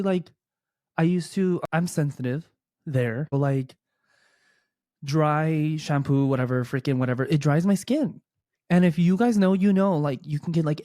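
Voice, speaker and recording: A man's voice: on the high side, no room sound. Chatty young man, dry close sound. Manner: chatty, animated, lots of fillers. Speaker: podcast host. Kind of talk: casual chat. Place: home room. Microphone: desk microphone.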